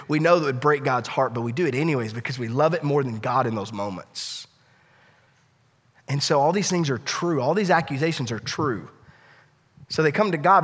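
A male pastor preaching a sermon with passion, swinging from loud appeals to hushed, quiet lines. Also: mid-range voice, in a large hall.

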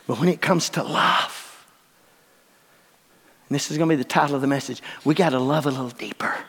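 An older man preaching a sermon in a church, swinging from hushed lines to shouts. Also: fairly high pitch, fairly quick, husky. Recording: long reverb of a large hall.

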